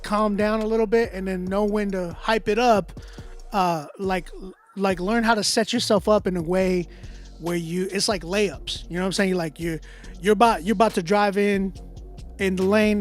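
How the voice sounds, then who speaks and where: A man's voice: high-pitched, measured pace. A man who is a music producer and engineer, giving loose, filler-heavy feedback on a live stream. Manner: loose, conversational, many fillers and restarts. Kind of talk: casual livestream critique. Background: beat playing in the background.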